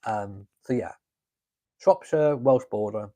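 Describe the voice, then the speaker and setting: A mellow voice on the low side, moving slowly, carries this English host's casual live stream. Drinking coffee at home, he reads viewers' comments out and chats playfully in a camp way.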